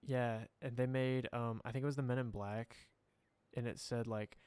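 A man's voice: medium pitch, fairly even intonation, moderate pace, darkish tone, smooth, dry recording. A young man co-hosting a podcast in casual chat, rambling and laughing often, trailing off mid-sentence. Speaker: podcast co-host.

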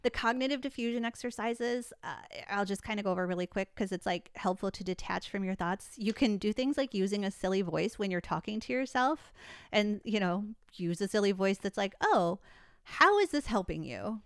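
Smooth-voiced woman explaining calmly. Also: medium pitch, brisk, no room sound, studio quality. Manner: explains coping techniques with easy laughter. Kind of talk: casual chat.

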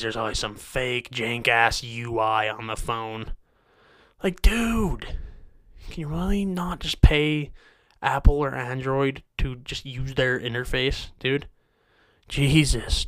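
A man's voice: mid-range voice, fairly bright tone, no echo, clean studio sound. A man hosting a comedy rant show, complaining in an exasperated, mock-angry way with a lot of swearing.

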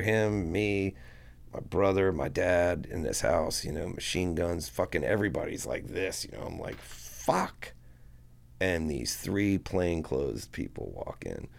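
Gravelly deep-voiced man telling a story. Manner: profane, animated, acts out what people said. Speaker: guest musician. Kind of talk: casual storytelling.

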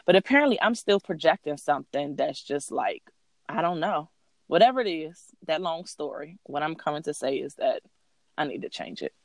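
A woman in her thirties co-hosting a podcast, telling a long story in an animated, profane way with plenty of fillers. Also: low-pitched, normal speed, no echo, studio quality. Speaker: podcast co-host. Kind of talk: casual storytelling chat.

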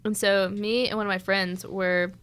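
A woman co-host with a mid-pitched voice, telling a funny story in casual chat. She laughs as she goes and keeps a loose, chatty manner. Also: little pitch movement, normal speed, fairly bright tone, smooth. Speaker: podcast co-host.

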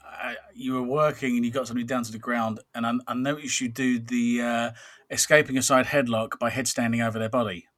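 A man's voice: mid-range voice, steady tone, fairly quick, fairly bright tone. A man with a mid-range voice hosting a casual podcast chat. He sounds enthusiastic and encouraging and chuckles often. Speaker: podcast host, wrestling trainer.

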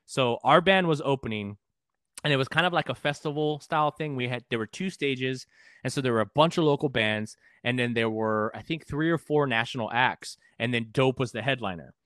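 A man's voice: mid-range voice, fairly quick, fairly bright tone, no echo, studio quality. A man from Texas, a podcast guest and musician, telling a story casually, profane and rambling with frequent restarts. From San Antonio, Texas.

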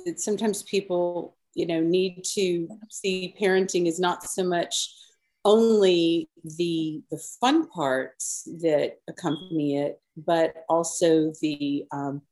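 Slow, thoughtful woman on a call. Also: on the low side, steady tone, darkish tone, low-quality recording. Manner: measured, thoughtful, halting. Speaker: panel guest. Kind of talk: casual panel chat.

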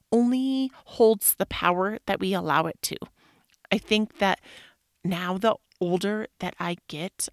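Woman podcast host, mid-range voice, candid monologue, frank and animated with casual swearing, dry close recording. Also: medium pitch, no room sound.

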